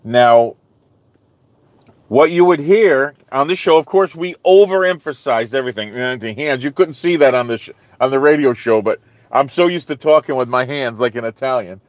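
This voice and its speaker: A man's voice: mid-range voice, moderate pace, dry recording, highs cut off. Rambling man hosting a live stream. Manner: rambling, restarts, frequent "okay?" and "you know". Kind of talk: casual chat with live viewers.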